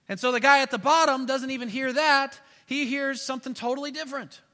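Male pastor, high bright voice, animated sermon storytelling with acted-out voices, reverberant sanctuary. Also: normal speed. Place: church sanctuary.

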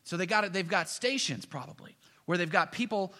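A man's voice: sits high, fairly quick, big-room sound. A man preaching a sermon in a church, telling the story with energy and acting out the people in it. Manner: animated storytelling, acts out voices, chuckles. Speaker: pastor. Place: church sanctuary.

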